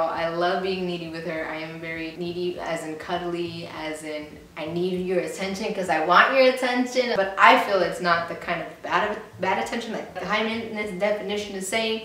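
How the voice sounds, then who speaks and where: A woman's voice: medium pitch, a bit bright. A young woman vlogging casually, chatty and rambling with a playful manner. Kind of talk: casual vlog reading comments. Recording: very echoey room, faint noise.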